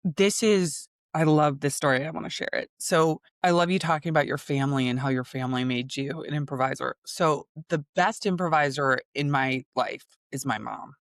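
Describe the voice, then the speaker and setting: A woman's voice: low-pitched, moderate pace, hardly any pauses, no echo, studio quality. A woman in her thirties, a guest improv teacher, telling personal stories in casual conversation with frequent laughter. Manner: animated storyteller, laughs often.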